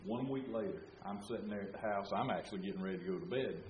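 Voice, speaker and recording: Telling a sermon story, this older preacher starts folksy and rambling and builds to loud fervor. His voice is fairly low and fast, recorded from a distance with slight background noise, and the sound is roomy and dull.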